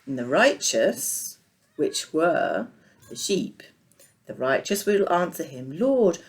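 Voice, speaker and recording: A woman leading junior church, telling a children's Bible story with puppets in a playful, animated way. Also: deep voice, slow.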